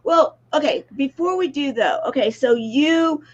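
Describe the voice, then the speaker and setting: Woman host, upbeat interviewer who affirms often; fairly high voice, lo-fi sound. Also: expressive, unhurried. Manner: frequent affirming interjections, enthusiastic. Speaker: show host. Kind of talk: online interview.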